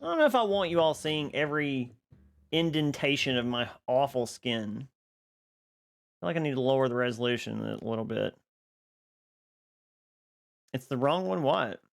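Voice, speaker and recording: A live streamer on a boom mic, chatting casually with viewers, greeting them by name and laughing often. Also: expressive, moderate pace, creaky, pauses often.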